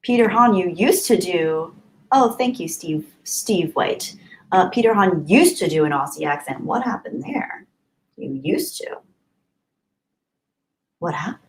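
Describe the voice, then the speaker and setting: A woman's voice: fairly low pitch, expressive, unhurried, pauses often, rough recording. A young adult woman hosting a casual livestream, chatting and giggling as she answers viewers' comments by name. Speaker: livestream host.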